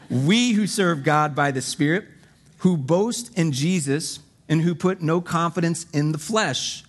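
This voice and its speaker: A man's voice: a little high, takes it slowly, pauses often. Joking conversational male preacher. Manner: conversational, joking asides, dramatic readings of scripture. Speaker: pastor. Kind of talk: sermon.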